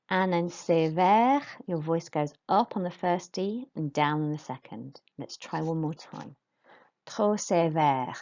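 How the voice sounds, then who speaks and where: A woman teaching a French pronunciation lesson to pupils, modelling words slowly for them to repeat. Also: fairly low pitch, warm tone, muffled recording.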